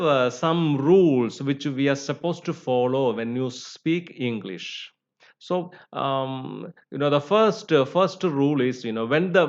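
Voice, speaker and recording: A man teaching English phonetics, with many "you know" and "uh" fillers. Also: medium pitch. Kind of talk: lecture. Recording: slightly dull recording.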